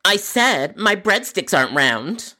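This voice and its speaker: A woman's voice: medium pitch, big pitch swings, slow, sharp tone, heavily acted. A woman playing an angry, entitled customer on the phone, complaining in a whiny, indignant way.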